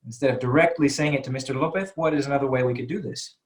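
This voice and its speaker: A man's voice: mid-range voice, racing. A man teaching a live webinar lesson, talking conversationally with many fillers and putting questions to his audience. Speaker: English teacher.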